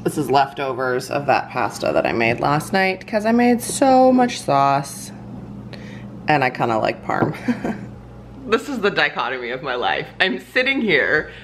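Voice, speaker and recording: A woman's voice: sits low, big pitch swings, unhurried, slight background noise. A young woman vlogging casually at home, chatting with lots of fillers and frequent laughs. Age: young adult. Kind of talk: casual home vlog chat. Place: home, indoors.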